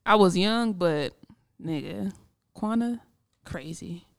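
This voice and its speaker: A woman's voice: medium pitch, lively intonation, slow, creaky, no room sound, studio quality. A young woman, chatting casually in a laid-back, teasing, profane way. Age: young adult. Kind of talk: casual chat.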